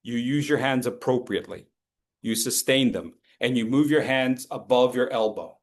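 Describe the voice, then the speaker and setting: A man teaching as a speech coach, lively and playful, acting out his students and throwing in sound effects. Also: medium pitch, moderate pace. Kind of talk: lively training talk.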